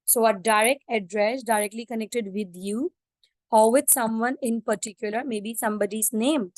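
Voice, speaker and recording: A woman's voice: fairly high pitch, normal speed, no room sound. A woman teacher lecturing a class, asking many questions and slipping into Hindi-Urdu phrases.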